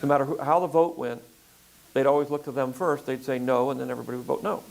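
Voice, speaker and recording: An older man filmmaker in a relaxed interview conversation, talking in a rambling way with frequent fillers and restarts. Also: medium pitch, quick pace, vocal fry, rough recording. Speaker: filmmaker guest.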